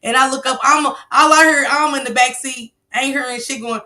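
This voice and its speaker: A woman hosting a casual live stream, telling stories loudly and animatedly with slang and swearing. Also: high voice, steady tone, a little fast.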